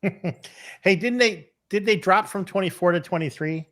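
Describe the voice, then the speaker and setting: A man co-hosting a casual podcast in a relaxed, easygoing way. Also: high voice, unhurried. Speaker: podcast co-host.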